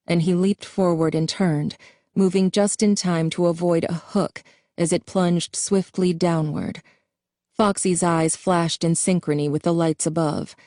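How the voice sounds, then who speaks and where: A woman narrates an audiobook in a steady, even storytelling voice. Her tone is dark and mellow and sits slightly low for a woman. The recording is close and dry. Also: dry recording.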